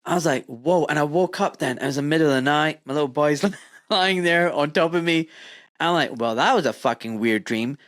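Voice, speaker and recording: A middle-aged man with a British accent hosting a podcast, telling stories in lively casual talk, swearing freely and acting out voices. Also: a little high, moderate pace, no room sound, studio quality. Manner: animated storyteller, swears freely, acts out voices. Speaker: podcast host. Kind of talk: casual conversation.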